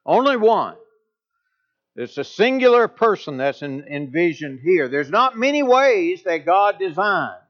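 High-voiced man preaching with emphasis. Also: very animated, measured pace. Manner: emphatic, with pitch rising on key points. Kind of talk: sermon. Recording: dull lo-fi recording.

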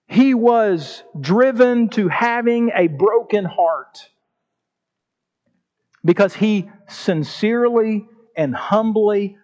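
A man preaches a sermon in a high, ringing voice, stretching out key words for emphasis. The recording sounds dull and lo-fi. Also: darkish tone. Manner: preaching with emphatic, drawn-out phrases and repeated words. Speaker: pastor.

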